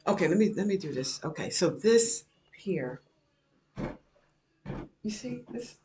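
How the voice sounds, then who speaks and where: A woman's voice: medium pitch, sing-song, measured pace, dark tone. A middle-aged woman vlogging from her kitchen, rambling in casual chat and peppering her talk with "you know". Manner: rambling, repeats herself, many "you know"s. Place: home kitchen.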